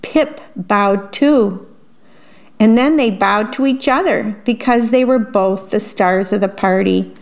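A woman reading a picture book aloud and pausing to describe the pictures in a chatty aside. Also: medium pitch, gravelly, a little mellow. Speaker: storyteller.

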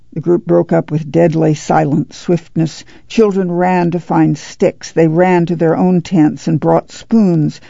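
A narrator reading a novel aloud in a measured storytelling manner. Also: medium pitch, little pitch movement, creaky, dark tone, no room sound, highs cut off. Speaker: audiobook narrator. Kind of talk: scripted narration.

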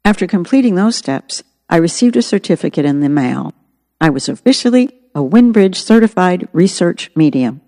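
A woman's voice: fairly low pitch, expressive, normal speed, mellow, long reverb tail. A woman narrating her own memoir as an audiobook, in an earnest, reflective way.

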